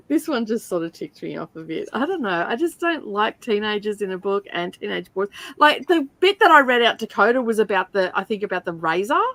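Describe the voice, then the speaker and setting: Hosting a reading stream, a middle-aged Australian woman tells lively stories in casual conversation and often bursts out laughing. She speaks at a medium pitch, with no echo on the audio.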